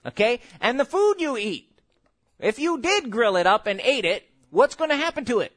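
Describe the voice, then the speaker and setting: Lively high-voiced preaching pastor. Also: male voice. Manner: animated preaching with sudden shouts and laughter; slow, drawn-out scripture reading. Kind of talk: sermon.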